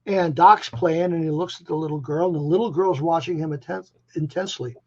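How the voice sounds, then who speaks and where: A man in his seventies from Chicago, a musician guest telling stories in a rambling, animated way, often restarting his phrases. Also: on the high side, brisk. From Chicago, USA. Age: 70s. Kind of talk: casual interview storytelling. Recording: dull lo-fi audio.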